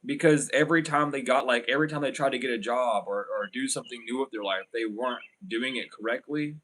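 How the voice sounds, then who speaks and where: Male tarot reader for a live stream, mid-pitched, loose and rambling, blunt, filler-heavy delivery. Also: fast talker, a bit bright. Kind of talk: casual livestream tarot reading.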